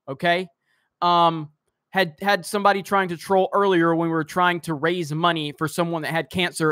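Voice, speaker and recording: A man's voice: sits high, a bit bright, no room sound, clean studio sound. A man hosting a live stream, reading chat comments aloud and ranting heatedly, swearing at trolls. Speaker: host of a live-stream show.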